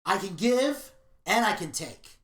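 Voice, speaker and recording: A man's voice: high voice, unhurried. Opinionated man telling stories in an echoey room. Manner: opinionated, animated storytelling. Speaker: podcast co-host. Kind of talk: casual podcast review chat.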